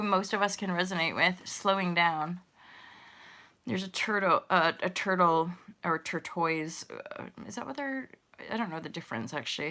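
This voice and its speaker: A woman's voice: fairly low pitch, pushed and bright. A woman in her thirties hosting a casual spiritual livestream, rambling and giggling as she talks to viewers in the chat. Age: 30s. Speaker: host of a spiritual livestream show.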